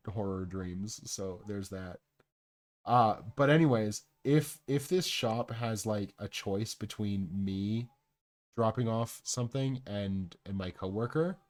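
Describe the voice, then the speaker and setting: A young man with a lowish voice, rambling and swearing his way through a story. He talks to his live-stream chat in a loose, unscripted way, doubling back and restarting as he goes. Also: darkish tone.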